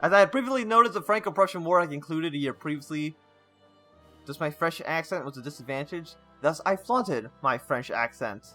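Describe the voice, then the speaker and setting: A man's voice: fairly high pitch, animated, moderate pace, bright, forceful tone, faint music behind. A man playing a story game, reading its text aloud with stumbles and breaking off into casual asides. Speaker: gaming channel host.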